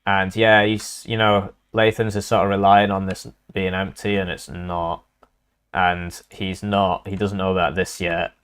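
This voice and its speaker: A man's voice: low-pitched, level tone, measured pace, fairly bright tone, smooth. A young man casting a live strategy game match, casual and rambling with lots of fillers. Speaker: caster.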